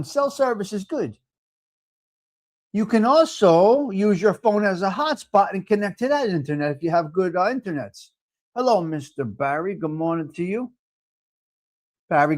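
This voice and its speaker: Loud chatty guy hosting a live stream, kinda high voice, calls out viewers by name. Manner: brash, talkative, mixes in Italian phrases. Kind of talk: casual live stream chat, reading viewer comments.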